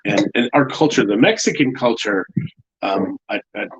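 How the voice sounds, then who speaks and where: A man's voice: fairly low pitch, lively intonation, normal speed, breathy edge, lo-fi sound. A middle-aged man co-hosting a casual chat show, telling stories in a joking, teasing way. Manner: joking storyteller. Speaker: co-host.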